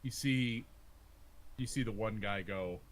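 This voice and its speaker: A man running a tabletop role-play online, narrating scenes in a slow, drawn-out way. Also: on the low side, a little hiss or hum. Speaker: game master.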